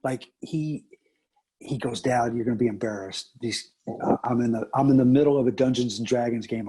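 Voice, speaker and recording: Husky, animated man telling stories. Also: moderate pace. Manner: animated, acts out quotes with big pitch jumps. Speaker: teacher and coach, guest. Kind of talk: casual storytelling interview.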